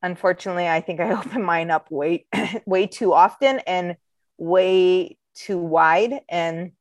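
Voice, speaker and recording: A woman's voice: on the low side, unhurried, dry recording. A woman co-hosting a casual podcast, talking candidly and rambling with self-deprecating asides. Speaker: podcast co-host. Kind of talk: casual chat.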